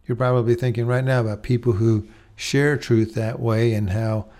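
A middle-aged man preaching in an even, medium-pitched voice. He speaks plainly and conversationally, then draws out key words slowly for weight. At times he breaks into a louder, higher voice to act out a scene. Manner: slow, deliberate emphasis on key words; acts out dog-talk and scolding in a raised voice. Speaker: pastor. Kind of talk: sermon.

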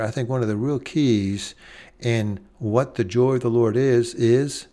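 Man preaching, earnest sermon, slow deliberate pauses, soft drops on key words, mid-pitched voice.

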